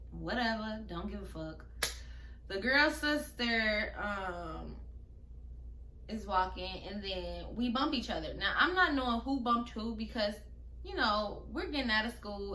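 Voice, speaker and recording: A woman's voice: mid-range voice, pushed and bright, a little hiss or hum. A young adult woman telling a personal story on her vlog in a casual storytime style, brash, emphatic and profane, talking straight to her viewers. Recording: echoey room.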